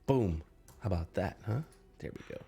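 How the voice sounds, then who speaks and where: A man running a tabletop game on a live stream, narrating scenes in a halting, scattered way and saying he is sick. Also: sits low, animated, creaky, warm tone, breathy edge, soft background music. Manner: scattered, halting, lots of restarts. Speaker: game master.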